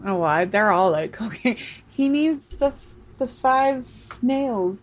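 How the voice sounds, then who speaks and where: A woman's voice: fairly high pitch, expressive, slow. A woman co-hosting a casual chat, giggly and teasing, full of fan enthusiasm. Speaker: podcast co-host.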